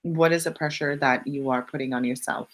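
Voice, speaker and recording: Blunt, emphatic woman with a low voice. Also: fairly even intonation, brisk. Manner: jumps up in pitch on punchy repeated lines. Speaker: live-stream host answering viewer questions. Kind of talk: casual motivational live stream.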